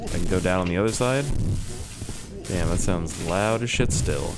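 In a very noisy recording, a young Canadian YouTuber with a low-pitched voice plays a video game at normal speaking speed. His let's play commentary is a stream of rambling, joking, and swearing to himself.

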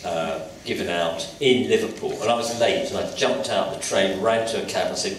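A man's voice: fairly low pitch, fast, a little hiss or hum. A man in his sixties from England, a sculptor telling anecdotes on stage in a college lecture hall and acting out the voices in his stories. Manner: lively storyteller acting out voices. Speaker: sculptor, invited guest artist. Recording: echoey hall from far off.

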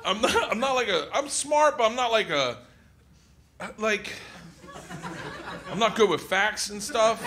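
A man's voice: high-pitched, animated, takes it slowly, pauses often, noisy background. Laughing hungover stand-up comedian man. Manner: rambling, laughing storyteller.

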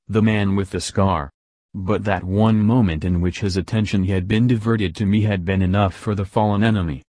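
Reading scripted audiobook narration, a man keeps a measured, even storytelling pace. His voice sits on the low side, and there's no room sound at all.

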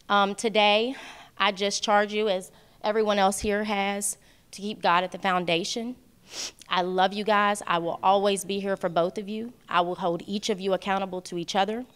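A woman's voice: mid-range voice, a bit bright, clear, resonant tone. A woman giving a heartfelt, earnest wedding toast as the bride's best friend, speaking at a wedding reception. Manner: heartfelt, earnest, faith-filled speech.

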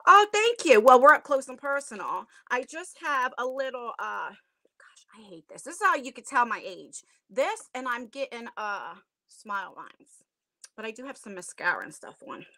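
A woman's voice: a little high, expressive, normal speed, pushed and bright, no room sound, clean studio sound. A middle-aged woman chatting casually with viewers on a home livestream from her attic, rambling with lots of fillers. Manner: chatty and rambling, many fillers, self-conscious laughs. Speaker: channel host. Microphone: tablet device.

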